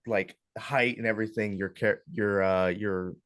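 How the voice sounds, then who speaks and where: A young man with a fairly low voice talks a classroom group through options in a loose, unhurried manner, filling pauses with ums and uhs. The sound is close and dry, with little room around it. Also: smooth, no room sound. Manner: relaxed, hesitant, lots of ums and uhs. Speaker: club workshop instructor. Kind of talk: casual classroom walkthrough.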